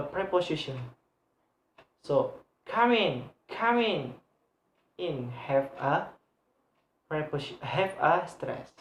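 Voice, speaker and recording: Slow, hesitant young man in an echoey room. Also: a little high. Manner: halting, with many pauses and fillers, repeating example words. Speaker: student presenter. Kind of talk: explaining grammar in a class video. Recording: roomy echo.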